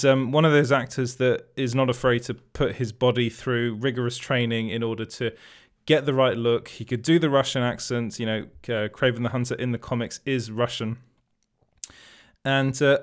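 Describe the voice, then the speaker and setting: A man hosting an entertainment news show, talking casually and rambling with frequent restarts and self-corrections. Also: medium pitch. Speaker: host.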